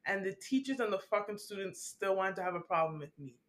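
A young woman, telling animated, profane stories from her school days in casual chat. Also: mid-range voice, fairly quick. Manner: animated storytelling with acted-out quotes, profane. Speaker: podcast co-host.

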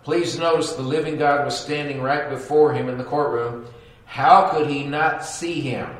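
A man's voice: a little high, steady tone, normal speed. Echoey far-off male pastor preaching. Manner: dramatic, acts out quotes and sound effects. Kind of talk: sermon. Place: church sanctuary. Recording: echoey church recorded from afar.

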